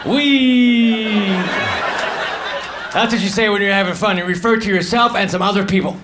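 Deadpan stand-up guy, kinda high voice, offhand one-liners, live club tape w/ crowd noise all over. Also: fast. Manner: deadpan, offhand one-liners, drifts into low muttered asides. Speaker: stand-up comedian. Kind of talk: stand-up comedy set. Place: comedy club stage with laughing audience. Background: audience laughter.

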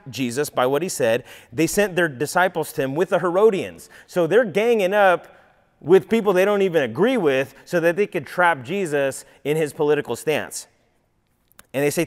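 A man teaching a casual, conversational sermon, acting out quoted voices, with many fillers. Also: medium pitch. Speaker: preacher. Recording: long hall reverb.

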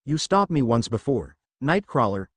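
A man's voice: medium pitch, very animated, normal speed, a bit bright, breathy edge, no echo. A man voicing a hot-headed male superhero leader with an angry, commanding delivery. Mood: enraged.

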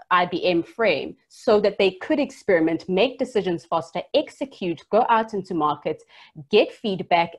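Woman, a low-ish voice, earnest advising panelist on a video call. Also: darkish tone. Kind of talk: online panel discussion.

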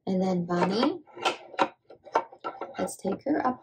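A woman's voice: mid-range voice, very animated, drawn-out words, a little hiss or hum. A woman presenting to toddlers, naming farm toys in a playful sing-song way and making animal sounds. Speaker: children's presenter.

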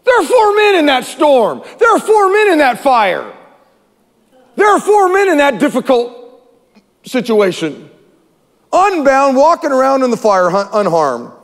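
A man voicing an astonished ancient king who shouts excitedly in a high, loud voice, recorded in a reverberant church hall. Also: a little slow, creaky, exaggerated voice.

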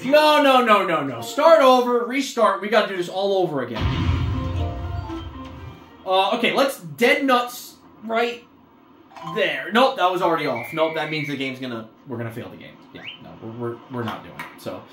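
A woman playing a video game and commenting as she goes, frustrated, swearing a lot and yelling at the game. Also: low-pitched, expressive, normal speed. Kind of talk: let's-play commentary. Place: room at home while playing a motion-control console. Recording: echoey room with faint game music.

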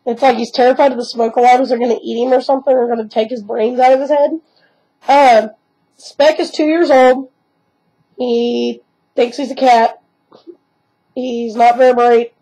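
High-voiced young woman chatting about her dogs. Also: darkish tone, low-quality recording. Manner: rambling, breaks into squeaky baby talk to her dogs. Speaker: pet owner vlogger. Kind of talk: casual chat to camera. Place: at home. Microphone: webcam.

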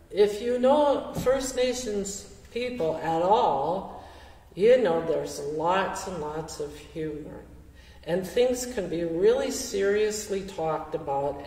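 An older woman giving a heartfelt talk with audience questions, speaking gently and reflectively with soft laughs. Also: mid-range voice. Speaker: speaker sharing teachings through her late husband's art. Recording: roomy hall, voice from far off the mic.

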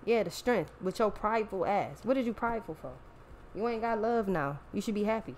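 A woman's voice: mid-range voice, expressive, brisk, slight background noise. A woman hosting a show, talking in a blunt, profane, exasperated casual rant. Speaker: podcast host. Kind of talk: casual ranting monologue.

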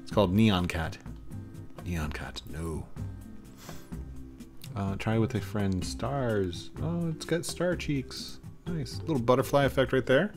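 A man's voice: on the low side, takes it slowly, pauses often, over music. A young man hosting a gaming video, casually commenting on camera filters in a playful, rambling, self-mocking way. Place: warm home studio.

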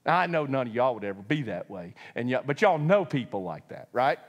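A man's voice: mid-range voice, sing-song, fairly quick, long reverb tail, dull audio. A man preaching a sermon, telling the story with humor, acting out voices and laughing often.

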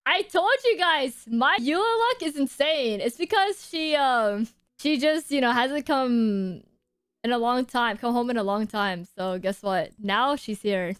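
A young woman streaming her game pulls, excitable, gasping and shrieking as she reacts to her chat. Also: a little high, unhurried, smooth, no room sound, studio quality. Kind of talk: live-stream gacha reactions.

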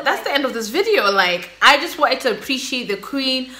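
Woman, reaction host, casual and gushing; bright, forceful tone. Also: high voice, moderate pace. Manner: gushing, excitable, exclaiming and laughing.

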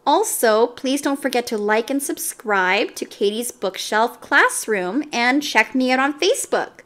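A woman reading a children's storybook aloud in a slow, expressive manner, as host of her reading channel. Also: on the high side.

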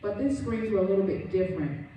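A woman's voice: medium pitch, lively intonation, fast, dark tone, distant mic, a little hiss or hum. A woman minister preaching a sermon in a church, telling a story with earnest emphasis. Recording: very echoey room, voice from afar.

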